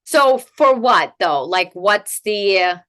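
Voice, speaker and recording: A woman guest expert explaining in a conversational interview, animated and peppered with "like" and "right?" tags. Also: medium pitch, takes it slowly. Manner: animated, rhetorical "right?" tags, many "like" fillers. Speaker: guest expert in family coaching.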